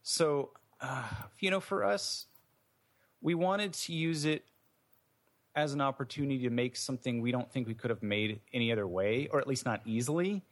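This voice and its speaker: A man's voice: medium pitch, normal speed. A man, an indie game developer, answering interview questions in a thoughtful, meandering way with many fillers and restarts.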